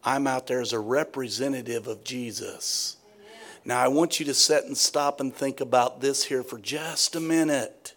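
A man's voice: medium pitch, fairly even intonation, normal speed, a bit bright. A middle-aged man preaching a sermon, folksy and joking, talking straight to the congregation.

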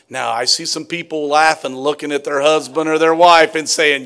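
A middle-aged male preacher delivers a sermon in a folksy, joking way. His voice sits a little on the high side, and he speaks straight to his listeners. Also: normal speed, few pauses, fairly bright tone. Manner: folksy, joking, addresses the congregation directly.

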